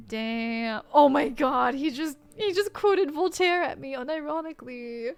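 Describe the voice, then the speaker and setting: Playful woman streamer, high voice, faint game music under commentary. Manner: playful, joking, quick to laugh.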